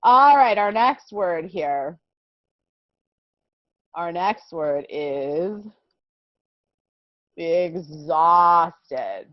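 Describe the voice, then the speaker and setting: A young woman teaching English words to small children in a slow, patient, sing-song way, often checking with "okay?". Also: fairly low pitch, lively intonation, no room sound. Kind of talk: online vocabulary lesson for young children. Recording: dull lo-fi sound.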